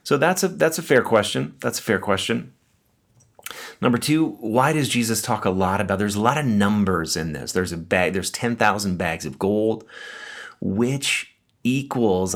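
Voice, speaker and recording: Guy with a real low voice giving a sermon, chatty, stops to explain stuff. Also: fairly bright tone. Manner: conversational, explaining with asides. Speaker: pastor.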